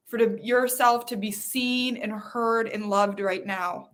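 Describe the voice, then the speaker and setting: Woman, podcast host, slow emotional guided release, pleading and repetitive. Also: a little high, steady tone, fairly bright tone.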